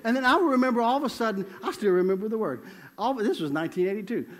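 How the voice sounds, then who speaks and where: A middle-aged male evangelist preaching a sermon and telling his own story in an animated way, laughing often as he goes. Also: high-pitched, quick pace. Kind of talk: sermon with personal testimony.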